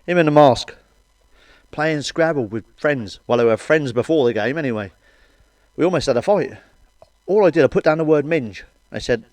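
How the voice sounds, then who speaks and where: A middle-aged man telling crude stand-up jokes with blunt, sweary, deadpan asides. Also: mid-range voice, a little fast, long pauses, dry recording. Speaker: stand-up comedian. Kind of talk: crude stand-up one-liners.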